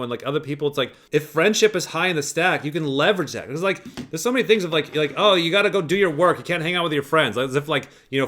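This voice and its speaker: A man's voice: fairly high pitch, a bit bright. A man hosting a commentary show, talking through a clip in a rambling, profane way with lots of fillers. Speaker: podcast host analyzing clips. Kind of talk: casual commentary.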